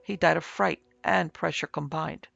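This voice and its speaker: A man voicing a calm male ghost investigator in a measured, precise way in an audiobook reading. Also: on the high side, gravelly, highs cut off, full character voice.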